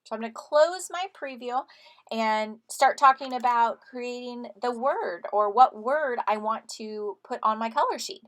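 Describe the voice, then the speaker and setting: A woman's voice: a little high, a little slow, a bit bright. Upbeat woman teacher walking students through steps. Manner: friendly step-by-step instructions to students. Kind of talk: screen-recorded software tutorial.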